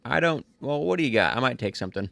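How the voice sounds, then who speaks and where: A man streams a video game and keeps up joking, casual commentary, often talking to himself. His voice is at an ordinary male pitch. The close mic sounds dry, with no room echo. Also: lively intonation, fast talker, gravelly, bright, forceful tone.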